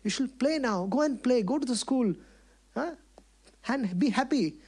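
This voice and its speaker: A man doing a wise old sage from a devotional tale. He questions sharply, then softens into gentle coaxing advice. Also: very high-pitched, lively intonation, measured pace, slightly rough, voice pushed up, heavily acted.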